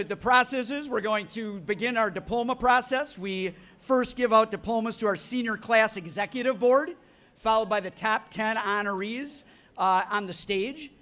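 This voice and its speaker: Brief: male ceremony MC, high voice, practical tone, reads names out slow and clear. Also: fairly bright tone. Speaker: master of ceremonies. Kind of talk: ceremony announcing.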